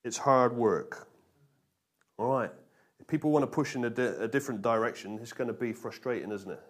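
Man, pastor, energetic sermon, call-and-response, emphatic repetition. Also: medium pitch, quick pace.

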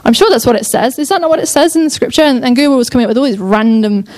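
A woman's voice: fairly high pitch, very fast, a little mellow. A young woman preaching a sermon in an enthusiastic, chatty way, often breaking off and restarting her thoughts. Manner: enthusiastic, chatty, self-interrupting.

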